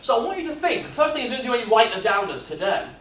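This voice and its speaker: A man, speaking at a business workshop and telling stories in a lively, jokey way. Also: very high-pitched, fast, slight background noise. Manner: lively storyteller, jokey and animated. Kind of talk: live workshop talk with comic storytelling. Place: expo hall. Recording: echoey hall, mic from far off.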